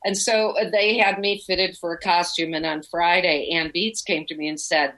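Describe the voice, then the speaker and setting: Female actress guest, chatty storyteller, bright crisp voice. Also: fairly low pitch, moderate pace, hardly any pauses, rough recording. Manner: animated storyteller, breaks into sung parody. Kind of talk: interview chat, telling anecdotes.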